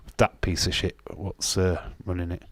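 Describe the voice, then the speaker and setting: Deep and flat, with a fairly bright tone, this man speaks at normal speed with no room sound. A Castleford, Yorkshire local with a Yorkshire accent, he hosts a live stream, chatting bluntly and casually while swearing freely and restarting sentences. He reads out viewer comments in a watch-along.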